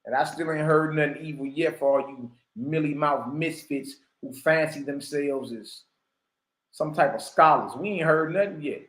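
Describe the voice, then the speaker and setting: A man's voice: a little high, normal speed, a bit bright. Fiery preaching man in an echoey room. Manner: fiery, rhetorical, keeps asking the listeners questions. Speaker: teacher. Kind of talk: preaching lesson reading from a text.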